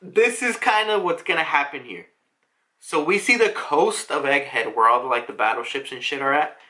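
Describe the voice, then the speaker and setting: A man's voice: on the high side, lively intonation, normal speed, sharp tone. A young man casually recapping a manga chapter, rambling with lots of filler words and swearing freely. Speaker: manga reviewer.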